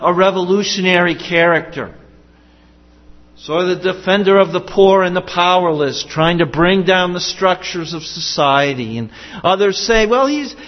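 A man preaching a sermon in an earnest, emphatic way, repeating his key questions. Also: sits high. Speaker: pastor. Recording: dull sound with long hall reverb.

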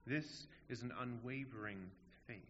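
Bright-voiced preacher in an echoing hall. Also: male voice, mid-range voice, unhurried, a little hiss or hum. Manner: earnest, emphatic, rhetorical questions. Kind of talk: sermon. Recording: dull audio in a long-reverb hall.

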